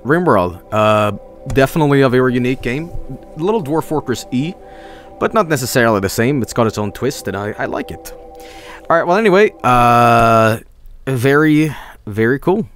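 A man's voice: mid-range voice, animated, normal speed, a bit bright, soft background music. A young man streaming, chatting casually and rambling, with lots of swearing and chuckles.

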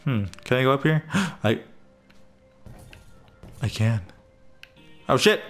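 A man gives casual, playful commentary while he plays a video game, exclaiming and giggling at what happens. His voice is lively and animated, his pace unhurried. Soft game music sits underneath. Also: mid-range voice, creaky. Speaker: let's play host.

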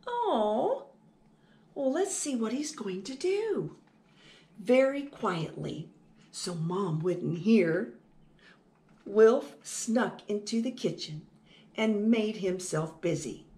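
A woman's voice: mid-range voice, expressive, slow, mellow, reverberant. A woman reading a picture book aloud to children, sing-song and asking them questions. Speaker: children's storytime reader.

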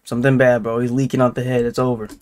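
A man's voice: mid-range voice, level tone, fast, darkish tone. A man giving laid-back, slangy commentary as he reacts to a video. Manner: laid-back slangy banter, laughs a lot.

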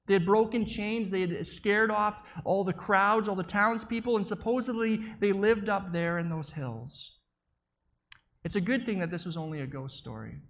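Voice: medium pitch, fairly bright tone. A preacher telling a story in the first person as an eyewitness, vivid and dramatic, with small stumbles and repeated words.

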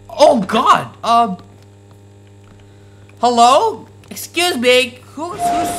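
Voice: sits high, sharp tone. A game streamer giving casual, nervous commentary while playing a horror game. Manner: nervous, jumpy reactions. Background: game music.

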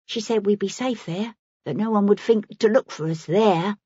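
A woman's voice: medium pitch, dark tone, slightly rough, no echo, dull audio, pitched above the performer's own voice, lightly acted. A woman narrator voicing a frightened, cheeky young street girl with brash slang, in an audiobook. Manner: brash, quick, working-class slang.

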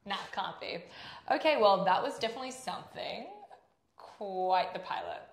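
A woman co-hosting a casual recap chat, talking fast with lots of "like" and laughing often. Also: medium pitch, expressive, reverberant. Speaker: podcast co-host.

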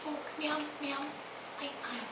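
A woman doing a timid female shopper who stammers and trails off, her voice small and unsure. It rings through a roomy theater from a distant mic. Audience murmur sits clearly behind her. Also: high voice, steady tone, heavy background noise, voice pushed up. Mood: hesitant. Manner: halting, stammering, soft-spoken. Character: shy hesitant female bookstore customer.

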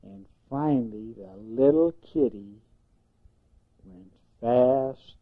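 An older man, a grandfather, slowly telling a gentle bedtime story in a singsong way. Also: medium pitch. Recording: tinny phone-like sound.

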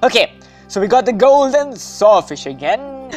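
A man narrating his gameplay at an unhurried pace, voice rising and dipping with lively swings. He is playful and chatty, breaking into cheers and sing-song calls over faint music. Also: extremely high pitch. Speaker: gaming video host. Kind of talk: gameplay commentary.

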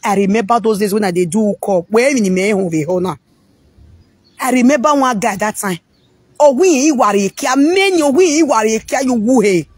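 A husky-voiced woman with a Nigerian accent speaks in a loose, frank monologue, stumbling over and repeating words as she goes. The sound is close and dry, with no room around it. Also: on the high side, expressive, moderate pace, darkish tone, dry recording. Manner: frank, rambling, repeats words mid-sentence. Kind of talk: casual monologue.

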